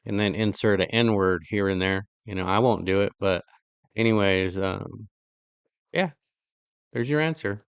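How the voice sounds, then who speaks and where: A man's voice: on the low side, normal speed, a bit bright, smooth, dry recording, studio quality. A middle-aged man from California hosting a vlog, reacting to clips with rambling, sarcastic asides. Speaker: vlog host. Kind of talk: casual commentary reacting to clips.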